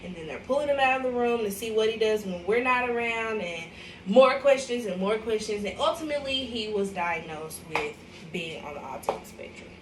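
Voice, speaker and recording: A woman's voice: fairly high pitch, lively intonation, normal speed, a little hiss or hum. A young woman from Arkansas, chatting in a casual, emotional way to viewers as a mother on a livestream vlog. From Arkansas, USA. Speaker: vlogger, mother. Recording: echoey room, mic at a distance.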